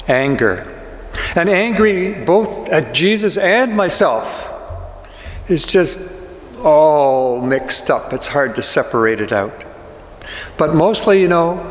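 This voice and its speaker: A man, a pastor, voicing the remorseful apostle Peter in a halting, confessional monologue. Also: on the high side, fairly bright tone. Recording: echoey church with long reverb.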